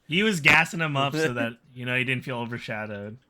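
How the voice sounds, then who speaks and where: A man co-hosting a casual podcast, playful and quick with quips. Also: medium pitch, bright, forceful tone. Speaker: podcast co-host.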